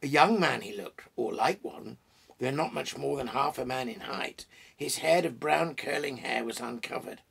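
A man reading a story aloud with expressive, relishing delivery and short asides. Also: mid-range voice, normal speed, gravelly, slightly rough.

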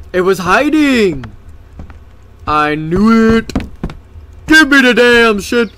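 A man's voice: high-pitched, very animated, slow pace, long pauses, pushed and bright. A young man commentating a horror game, jumpy and swearing, often panicking. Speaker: gaming YouTuber.

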